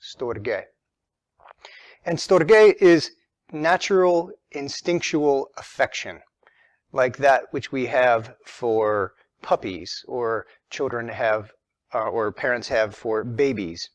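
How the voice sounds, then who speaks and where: A man teaches a religion lesson, moving methodically from point to point and leaning on key words. His voice sits at an ordinary middle pitch. The recording is dry, with no room echo. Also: slow pace. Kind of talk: explanatory lesson.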